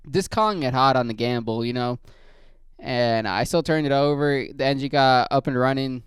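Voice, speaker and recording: A man rambling through a story full of swearing, in a low-key, casual way. His voice is very clear and smooth, with a mid-range pitch. The sound is dry and close. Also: normal speed, dry recording. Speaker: podcast host.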